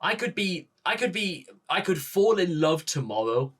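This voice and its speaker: A man with a Northern English accent hosting a music reaction video, gushing and halting, with many restarts and rhetorical questions. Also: sits high, big pitch swings, fairly bright tone, breathy edge. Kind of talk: excited reaction talk to camera.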